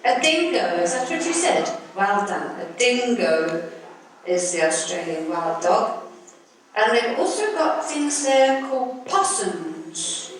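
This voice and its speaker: A woman's voice: mid-range voice, lively intonation, takes it slowly, slight background noise. A woman teaching and singing to young children, cheerful and coaxing, asking the class questions. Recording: echoey room, distant mic, music behind.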